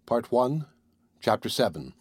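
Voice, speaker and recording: A man reading a classic novel aloud as an audiobook narrator, measured and deliberate. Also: medium pitch, big pitch swings, husky, no echo.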